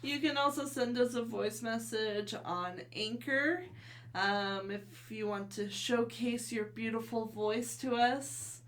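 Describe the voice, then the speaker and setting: Woman cohost, kinda high voice, talks slow and easy, friendly podcast chat. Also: a little hiss or hum. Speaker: podcast co-host. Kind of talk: casual chat.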